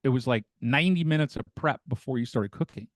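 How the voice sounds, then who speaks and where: A man's voice: mid-range voice, quick pace, dry recording. Rambling older man telling stories. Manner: rambling storyteller who acts out quoted voices. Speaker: podcast guest, the father. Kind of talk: casual family chat.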